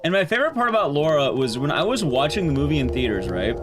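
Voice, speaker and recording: A man streaming, recapping a film in a casual, sarcastic and animated way. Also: on the high side, quick pace. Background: background music.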